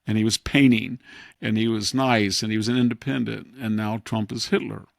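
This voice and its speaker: A man's voice: fairly low pitch, fairly even intonation, a little fast, creaky, no echo, studio quality. A man hosting a podcast, giving casual political commentary in a sarcastic, wry way. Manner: sarcastic, wry, laughs at his own jabs. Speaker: podcast host.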